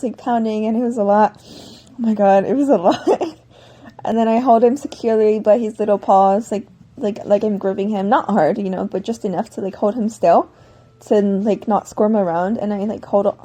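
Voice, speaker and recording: A woman's voice: mid-range voice, steady tone, normal speed, mellow. A woman vlogger telling a long personal story in a casual, rambling way, often correcting herself mid-sentence.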